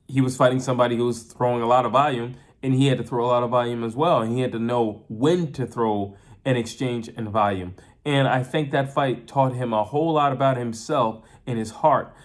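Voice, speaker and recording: A man talking through an upcoming boxing match in a loose, unscripted way. He circles back, restarts phrases and leans on fillers. His voice sits at an ordinary middle pitch. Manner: chatty, repeats and restarts often, uses filler like "you know". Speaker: boxing commentator. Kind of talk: casual fight breakdown.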